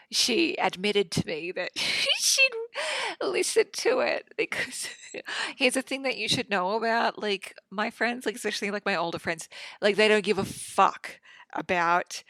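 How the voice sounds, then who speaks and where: Aussie woman rambling on her podcast, lots of swearing and likes, bit of vocal fry, dry studio. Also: medium pitch, pushed and bright, no echo. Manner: chatty, swears freely, many fillers. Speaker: podcast host. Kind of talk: casual solo podcast monologue. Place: home studio.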